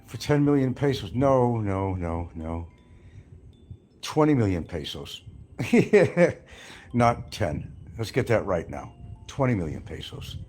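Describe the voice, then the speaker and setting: A man's voice: mid-range voice, a little mellow. A brash man rants on his livestream, trash-talking and daring his rivals in a mid-range voice. Faint music plays behind him as he rambles on. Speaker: livestream host.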